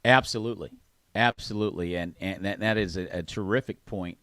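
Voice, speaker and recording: A man's voice: deep voice, brisk, pushed and bright, no echo, studio quality. A male host, talking casually and enthusiastically and often repeating his words. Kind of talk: conversational interview.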